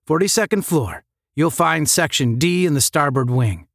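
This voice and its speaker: Man voicing a stern young cadet officer, clipped orders, lively raised pitch, dry close sound. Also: moderate pace, no echo.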